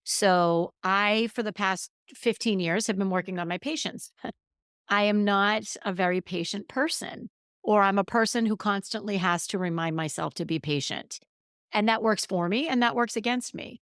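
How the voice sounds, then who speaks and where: A woman's voice: medium pitch, moderate pace, a bit bright, smooth, no echo, studio quality. A middle-aged woman hosting a solo podcast, talking candidly and emphatically, with a self-deprecating streak. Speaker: podcast host. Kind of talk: casual solo podcast monologue.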